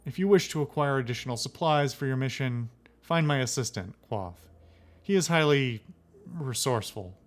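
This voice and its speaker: A man reading game dialogue aloud as a solemn male elder who gives measured warnings. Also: mid-range voice, animated, natural voice.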